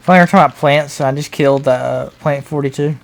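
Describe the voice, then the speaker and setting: A relaxed speaker chatting with a friend while they play a game, dropping short, offhand comments. The voice sits at an ordinary middle pitch and has an easygoing rhythm. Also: fast talker, creaky. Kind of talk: casual chat while playing a game.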